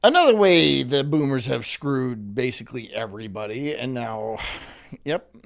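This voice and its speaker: A male stream host in casual, rambling commentary, his pitch bouncing freely up and down. He sounds sarcastic and breaks into laughter easily as he reacts to a clip. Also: lively intonation, a little slow, gravelly.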